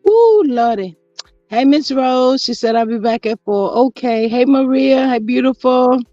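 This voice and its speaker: A woman's voice: on the high side, lively intonation, slow, long pauses, dark tone, no room sound. A woman hosting a casual livestream, chatty and sassy, greeting her viewers by name. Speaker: YouTube livestream host. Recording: dull lo-fi audio with faint music.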